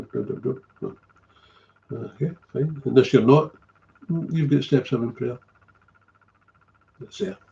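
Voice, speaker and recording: Gravelly blunt man, storytelling. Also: mid-range voice, warm tone, muffled recording. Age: middle-aged. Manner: blunt, swears freely, trails off and repeats himself. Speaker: recovery sponsor. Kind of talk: candid storytelling monologue.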